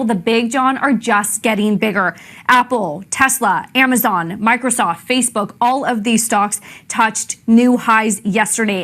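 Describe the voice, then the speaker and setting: Woman market reporter, higher voice. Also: fairly bright tone. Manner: conversational on-air explaining, walking through charts. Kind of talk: live market news report.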